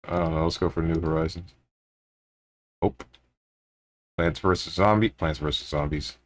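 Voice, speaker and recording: A man's voice: a bass voice, moderate pace. A man streaming live, chatting casually and grumbling to his chat. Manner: laid-back, grumbling, talks to chat.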